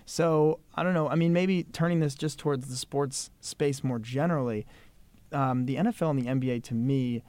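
A man's voice: medium pitch, normal speed, darkish tone, dry recording. A man co-hosting a podcast in casual chat, conversational with many fillers and asides. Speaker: podcast co-host.

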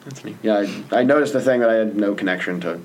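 A man's voice: fairly low pitch, quick pace, slight background noise. A man co-hosting a casual movie discussion, laid-back and wry, with short asides.

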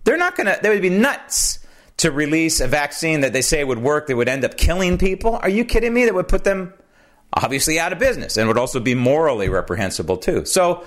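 A man delivers a solo political commentary monologue in a sarcastic tone. His voice sits a little high for a man and swings widely in pitch as he hammers his points. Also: a bit bright. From United States. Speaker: podcast host.

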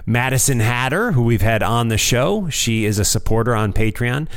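A man's voice: mid-range voice, lively intonation, normal speed. An American man hosting a podcast, chatting in a rambling, self-deprecating way while reading out supporters' names. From United States. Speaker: podcast host. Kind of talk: casual chat.

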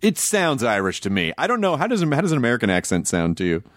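A man hosting a podcast, chatting in an animated, jokey and effusive way with his guest. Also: mid-range voice, fast, no room sound, clean studio sound. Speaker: podcast host. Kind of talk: casual interview chat.

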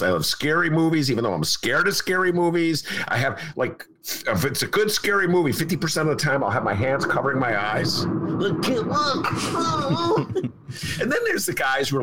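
Older male podcast host, animated pitch, rambling and emphatic chat. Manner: rambling, emphatic, repeats himself. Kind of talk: casual chat.

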